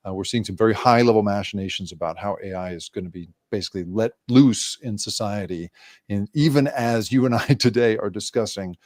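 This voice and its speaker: A man's voice: lowish voice, brisk, darkish tone, no room sound, clean studio sound. A man, a guest journalist, explaining ideas at length in an interview with many restarts. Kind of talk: remote interview.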